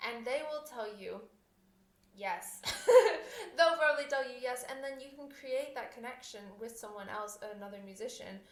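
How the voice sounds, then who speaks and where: Young adult woman, chatty podcast host, rambling and laughing, slightly high voice, echoey room. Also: expressive, normal speed. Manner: chatty, rambling, frequent fillers and restarts, laughs often. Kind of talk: casual solo podcast talk.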